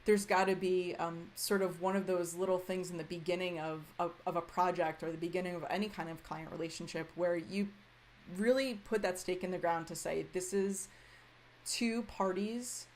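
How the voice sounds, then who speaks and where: Low-voiced woman host, faint background noise. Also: steady tone, normal speed, a little mellow. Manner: affirming, summarizing, frequent "right". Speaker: podcast host. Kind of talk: conversational interview.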